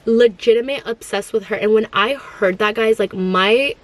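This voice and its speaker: A woman's voice: on the high side, moderate pace. A woman in her thirties telling a casual storytime, rambling with lots of filler words and sometimes dropping in Spanish phrases. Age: 30s. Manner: rambling, heavy use of "like" fillers. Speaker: vlogger.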